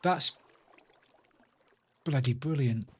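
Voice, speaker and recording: A man's voice: medium pitch, very slow, a little mellow. A man streaming a building game, muttering to himself as he works and chatting in asides. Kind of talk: casual live-stream chat while playing.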